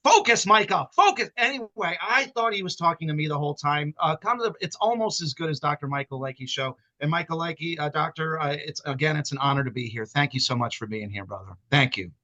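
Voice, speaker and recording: Excitable high-voiced man on a video call. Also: quick pace, few pauses, lo-fi sound. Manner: excitable, stammering restarts, playful. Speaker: guest magician. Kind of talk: lively live-stream banter.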